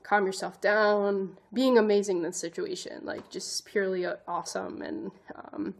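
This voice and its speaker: In a gravelly, darkish mid-range voice at a moderate pace, a woman vlogger shares a personal story. An advocate and educator, she sounds earnest, emotional and self-conscious, often restarting and leaning on "like."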